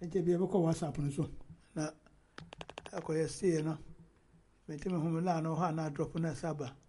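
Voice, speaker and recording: A man hosting a casual football chat, animated and laughing often, talking over his co-host. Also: fairly high pitch, moderate pace, slight background noise.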